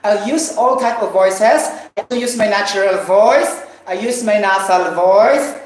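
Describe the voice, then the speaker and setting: A woman's voice: medium pitch, measured pace. A woman giving a casual vocal coaching talk, chatty and checking in often with the listener. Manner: chatty, keeps checking in with okay. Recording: very echoey room, faint music.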